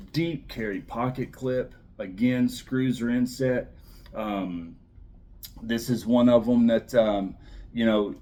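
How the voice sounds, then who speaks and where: A man giving a casual, enthusiastic review of pocket knives, repeating words for emphasis and trailing off softly at the ends of phrases. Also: medium pitch. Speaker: knife reviewer.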